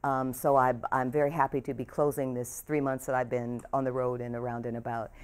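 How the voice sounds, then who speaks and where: An older woman, an author addressing a bookstore audience and reading from her memoir, soft-spoken and emotional, her voice trailing off at the ends of phrases. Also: rumbling low, little pitch movement, a little fast, clean tone. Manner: warm, emotional, speaks softly and trails off. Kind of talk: author talk and book reading. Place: bookstore event room.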